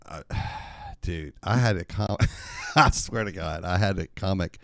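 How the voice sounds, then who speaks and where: A man with a lowish voice spins animated, swear-laced stories as a comedian on a podcast. He is recorded close and dry in a studio. His delivery is loose and conversational. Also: slow pace, creaky, no room sound. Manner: animated, profane storyteller. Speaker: comedian and open mic host. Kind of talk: casual podcast storytelling.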